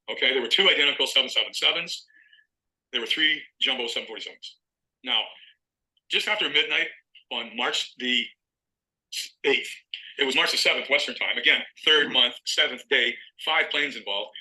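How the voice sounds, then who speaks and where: A man's voice: mid-range voice, pushed and bright, rough recording. A middle-aged man telling a long story in an interview as a guest author, acting out phone calls as he goes.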